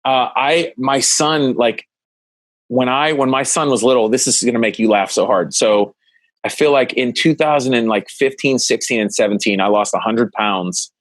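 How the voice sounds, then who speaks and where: A man, a stand-up comedian guest, chatting in an animated, rambling way with lots of restarts. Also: medium pitch, moderate pace, no room sound. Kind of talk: casual podcast chat.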